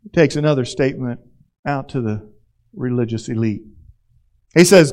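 A man's voice: medium pitch, normal speed, long pauses, darkish tone. A man, a pastor, preaching a conversational sermon and acting out the scenes he tells.

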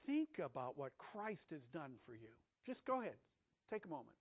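A male pastor delivers a sermon in a fairly high voice. He presses hard on key words, then drops to a hush. The sound is thin and tinny, like a phone line. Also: sing-song, moderate pace, husky. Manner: emphatic, swings between raised and hushed delivery. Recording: tinny phone-like audio recording.

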